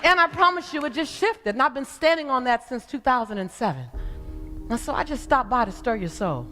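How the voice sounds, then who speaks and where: A woman's voice: sits high, animated, a little fast, pushed and bright, soft background music. A woman giving a passionate motivational speech to a live audience, with preaching emphasis that swells and drops. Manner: preaching, rising and falling emphasis. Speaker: motivational speaker.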